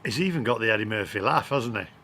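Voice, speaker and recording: A man's voice: fairly low pitch, lively intonation, fast, pushed and bright. A man vlogging cheerfully outdoors in the heat, chatty and laughing often. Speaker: travel vlogger. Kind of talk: upbeat vlog chat. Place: outdoors in hot weather.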